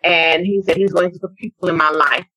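A woman guest on an interview show telling her own story in a lively, conversational way, often acting out what people said. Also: fairly low pitch, fairly quick, husky, rough recording. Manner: animated storyteller, acts out quotes. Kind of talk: conversational testimony.

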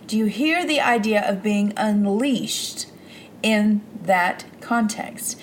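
A woman's voice: medium pitch, slow pace, a little hiss or hum. A woman podcast host giving an earnest devotional teaching with prayer, building emphasis through repeated phrases. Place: Granbury, Texas.

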